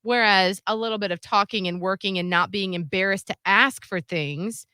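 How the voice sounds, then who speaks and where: A woman's voice: medium pitch, normal speed, smooth, no room sound, studio quality. A young woman co-hosting a radio show, chatting casually and telling stories with lots of "like" and quoted voices. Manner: animated storytelling with quoted voices and frequent "like". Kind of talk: casual chat.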